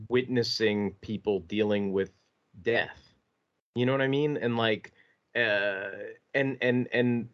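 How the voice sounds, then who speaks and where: Male podcast co-host, lowish voice, rambling and profane, muffled lo-fi recording. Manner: rambling, halting, swears freely. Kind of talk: casual podcast discussion. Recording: dull lo-fi podcast audio.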